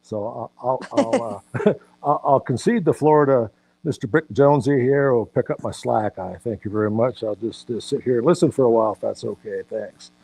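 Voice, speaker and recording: Older male guest, mellow dry voice, halting self-deprecating talk. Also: mid-range voice, gravelly, no echo, rough recording. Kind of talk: casual live-stream chat.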